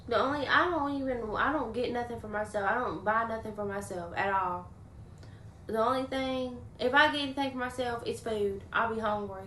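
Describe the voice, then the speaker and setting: A woman's voice: fairly high pitch, a little fast, sharp tone, a little hiss or hum. A young adult woman livestreaming, chatting casually and venting bluntly while she swears freely and thanks viewers. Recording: roomy echo.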